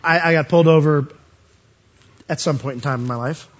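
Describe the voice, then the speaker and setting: A man preaching a sermon, animated and rising to high emphatic peaks as he quotes scripture. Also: a little fast, muffled recording.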